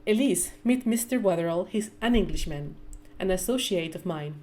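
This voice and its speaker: A woman voicing a poised aristocratic mother who speaks in a calm, instructive, commanding way. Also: lowish voice, normal speed, lightly acted.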